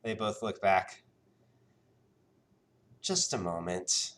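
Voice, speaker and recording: A man's voice: sits low, animated, takes it slowly, fairly bright tone. A man narrating a tabletop game as game master, hesitant, with many ums and sort-ofs.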